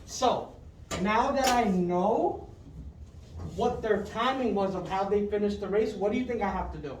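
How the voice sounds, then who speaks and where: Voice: medium pitch, unhurried, darkish tone. A classroom teacher runs a math lesson, repeating each question patiently and praising pupils by name. The voice sounds distant and bounces around a roomy classroom, with a faint noise underneath. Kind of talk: fifth-grade math lesson.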